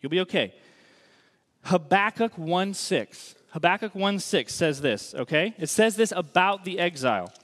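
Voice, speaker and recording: A man's voice: sits high, lively intonation, a bit bright. Emphatic man preaching in a hall. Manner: conversational, emphatic, slows down for key lines. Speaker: pastor. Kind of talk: sermon. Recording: long reverb of a large hall.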